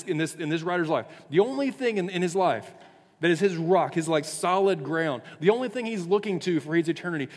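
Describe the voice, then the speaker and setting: A man giving a casual youth sermon, full of "like" fillers, moving between hushed and emphatic. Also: fairly high pitch. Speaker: youth pastor. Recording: echoey hall reverb.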